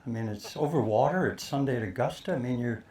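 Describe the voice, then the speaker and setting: An older man telling a lively golf story to an audience, acting out the quoted lines. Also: medium pitch, fast, slight background noise. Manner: animated storyteller, acts out quotes. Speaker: speaker telling a caddie story.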